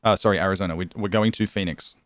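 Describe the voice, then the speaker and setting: A man's voice: low-pitched, steady tone, fast, no room sound. A man streaming a driving game, chatting casually and rambling to his chat with frequent laughs.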